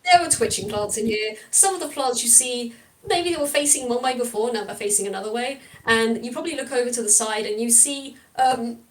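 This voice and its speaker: A woman's voice: fairly high pitch, fairly quick, distant mic. A woman narrating a tabletop game as game master, chatty and rambling. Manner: chatty and rambling, with frequent fillers and laughter.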